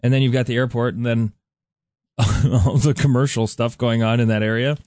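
Male radio co-host, wry and rambling, mid-pitched voice, dry booth sound. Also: steady tone, normal speed, darkish tone, no echo. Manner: joking, rambling, laughs often. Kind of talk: casual morning radio chat.

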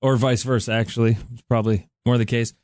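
Male radio co-host, wry and rambling, mid-pitched voice, dry booth sound. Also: level tone, fast, darkish tone, no room sound. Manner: joking, rambling, laughs often. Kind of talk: casual morning radio chat.

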